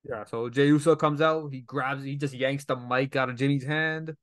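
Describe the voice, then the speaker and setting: A man's voice: medium pitch, steady tone, moderate pace, fairly bright tone, no echo, studio quality. A man giving a casual, rambling recap of a wrestling show, retelling each scene with paraphrased quotes and lots of fillers.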